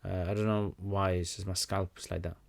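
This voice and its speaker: A young man chats through a livestream Q&A at an easygoing pace, his voice sitting a little low. He often stops to restart a thought and fills the gaps with ums and uhs. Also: a little fast, creaky. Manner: relaxed, conversational, many fillers and restarts. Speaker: livestream host answering questions. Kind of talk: casual livestream Q&A.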